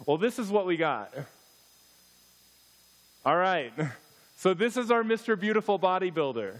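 A man, a missionary speaker, giving a church talk with humorous stories, animated asides to his audience. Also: on the high side, normal speed. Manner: storytelling, joking, animated asides.

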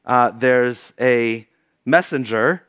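A man from Massachusetts speaks to a church congregation in an easygoing, chatty way, stopping often on fillers. His voice is smooth and resonant at a middle pitch. The sound is dry and close. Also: drawn-out words, a bit bright, dry recording. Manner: casual and chatty, with many fillers. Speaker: guest speaker.

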